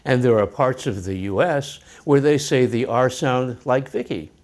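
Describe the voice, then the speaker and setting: An American man with a rhotic accent co-teaching pronunciation, saying example words plainly and deliberately. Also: medium pitch, darkish tone. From United States. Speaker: English teacher, co-host. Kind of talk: scripted pronunciation lesson.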